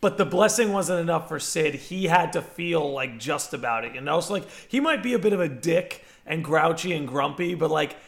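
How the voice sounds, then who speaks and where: A man's voice: fairly high pitch, lively intonation, moderate pace, gravelly, few pauses, fairly bright tone. A man co-hosting a podcast, chatting casually and thoughtfully about a game's characters. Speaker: podcast co-host. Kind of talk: casual chat.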